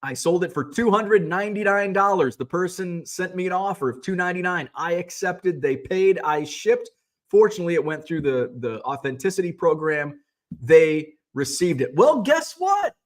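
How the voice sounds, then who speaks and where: A middle-aged man runs a laid-back sports card sales livestream, going through viewer comments and ranting sarcastically with plenty of profanity. He speaks in a high, animated voice at a moderate pace. His sentences ramble and frequently start over.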